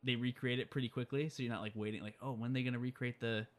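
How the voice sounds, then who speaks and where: A man casually recapping a movie with a friend, animated and acting out lines in goofy voices. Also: mid-range voice, rapid-fire. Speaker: podcast co-host.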